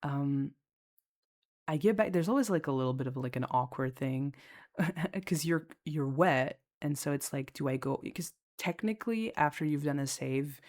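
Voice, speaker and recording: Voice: medium pitch, moderate pace, a little mellow. Rambling young adult storyteller. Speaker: audio creator and lifeguard. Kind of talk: casual storytelling update.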